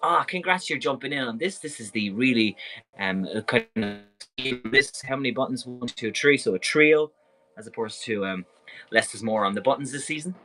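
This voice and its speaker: A man's voice: mid-range voice, animated, normal speed, bright, forceful tone, rough recording. An Irish man hosting a live clothing sale, talking in a chatty, enthusiastic and rambling way. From Ireland. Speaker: live-stream clothing seller. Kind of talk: casual live sales patter.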